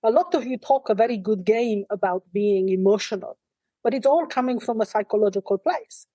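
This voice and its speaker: A woman channelling an ancient, wise spirit in trance, speaking in a calm, measured and dryly wry way, at times in a soft, breathy near-whisper. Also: mid-range voice, no room sound, natural voice, rough recording. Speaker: trance medium.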